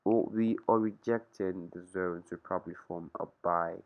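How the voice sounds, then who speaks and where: A man's voice: deep voice, steady tone, moderate pace, narrow, tinny audio. A young man casually walking through a trading chart, thinking aloud in a slangy, rambling way. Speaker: trading vlogger. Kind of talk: casual screen-share trading walkthrough.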